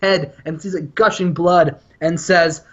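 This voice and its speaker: A man's voice: fairly high pitch, fairly even intonation, a little slow, fairly bright tone, dull audio. A man co-hosting a podcast, telling stories animatedly and laughing often. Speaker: podcast co-host. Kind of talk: casual storytelling chat.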